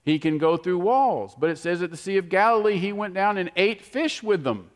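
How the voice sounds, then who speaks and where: A man preaching a sermon, animated and storytelling, moving from emphatic to hushed. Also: sits high, moderate pace. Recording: long hall reverb.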